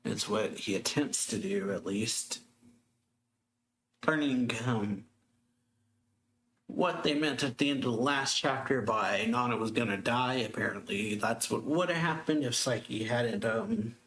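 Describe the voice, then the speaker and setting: A man's voice: mid-range voice, unhurried, slight background noise. A man hosting a manga reaction channel, casually retelling a chapter with lots of fillers and little laughs. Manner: rambling, filler-heavy retelling with soft laughs.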